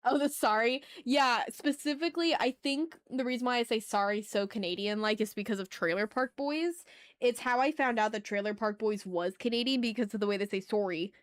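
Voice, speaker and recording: A young adult woman with a voice a little high and a little fast chats casually as she draws on a live stream. She explains each step aloud and keeps apologizing, laughing at herself as she goes.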